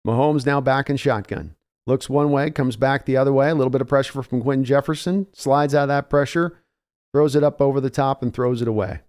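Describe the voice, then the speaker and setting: A man in his early morning voice calls a game play by play like a fan. His tone is smooth and resonant, sitting at an ordinary pitch. He stays chatty between snaps and lifts when a runner breaks loose. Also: fairly even intonation, a little fast, a little mellow. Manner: conversational, climbs in pitch and energy on big plays. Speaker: live reaction host.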